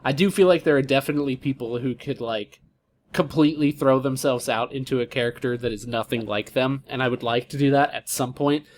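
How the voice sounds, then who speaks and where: A man from Florida co-hosting a casual podcast, speaking in a laid-back, giggly way with many filler words. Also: mid-range voice. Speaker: podcast co-host. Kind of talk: casual chat.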